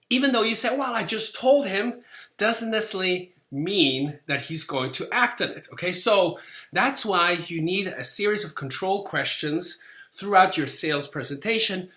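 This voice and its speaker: Lively man teaching in an echoey room. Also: high voice. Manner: lively, conversational, acts out quoted lines, frequent "okay?" checks. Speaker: sales instructor. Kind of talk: lecture.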